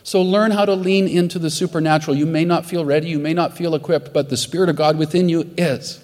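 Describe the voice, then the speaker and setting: A man's voice: a little high, steady tone, fast, a little mellow, in a large hall. A man preaching a sermon as pastor, telling stories earnestly.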